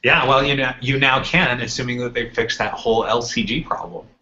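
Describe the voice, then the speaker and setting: A man's voice: medium pitch, steady tone, a little fast, pushed and bright, slight background noise. A man co-hosting a gaming podcast, telling long rambling anecdotes and acting out what people said. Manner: rambling anecdotes with acted-out quotes. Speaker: podcast co-host. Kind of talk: casual storytelling chat. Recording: muffled lo-fi podcast audio.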